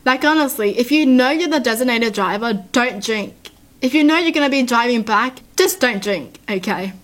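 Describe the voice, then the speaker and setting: A woman's voice: a little high, expressive, normal speed, fairly bright tone. A woman reading stories aloud and adding chatty, earnest asides to her listeners. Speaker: story reader and commentator.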